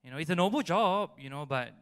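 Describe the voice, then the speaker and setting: A man with a Singaporean English accent preaches with animated energy, checking in with his listeners again and again. His voice sits fairly high and sounds crisp and bright. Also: fast talker. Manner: animated preaching with frequent "right?" and "you know" tags. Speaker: youth preacher. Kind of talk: sermon. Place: church service hall.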